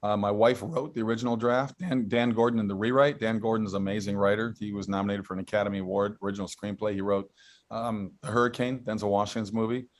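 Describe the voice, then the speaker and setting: Middle-aged male guest, low voice, enthusiastic storyteller, casual interview. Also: steady tone, quick pace. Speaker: guest actor.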